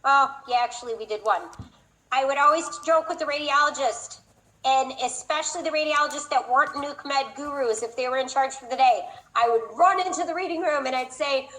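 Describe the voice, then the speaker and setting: A woman's voice: high-pitched, a little fast, fairly bright tone, low-quality recording. A woman teaching a class, explaining procedures and teasing her students in a playful way. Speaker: instructor. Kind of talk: classroom lecture.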